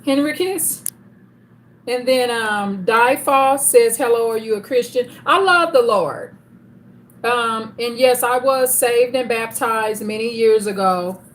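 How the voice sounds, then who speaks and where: A woman's voice: on the high side, slight background noise. A woman hosting a live stream, chatting casually and greeting viewers by name as they join.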